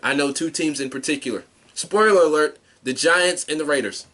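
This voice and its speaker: A man co-hosting a podcast in blunt, excitable casual chat, swearing freely. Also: a little high, fairly quick. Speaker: podcast co-host.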